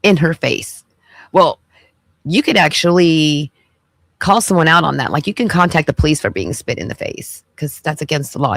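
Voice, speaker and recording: A woman's voice: sits low, expressive, normal speed, dry recording, clean studio sound. A woman podcast host giving sassy, preachy commentary as she reacts to clips. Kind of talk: casual commentary.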